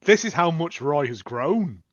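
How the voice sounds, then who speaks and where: A man's voice: a little high, lively intonation, unhurried, no room sound. Hesitant man on a dull, lo-fi mic. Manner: hesitant, many fillers and restarts. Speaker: podcast co-host. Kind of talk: casual chat.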